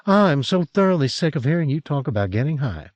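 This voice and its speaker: A man's voice: a little high, sing-song, a little fast, a little mellow, dry recording, pitched above the performer's own voice. A man voicing a pushy woman with a Southern drawl in an audiobook. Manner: pushy, emphatic. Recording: dull lo-fi cassette recording.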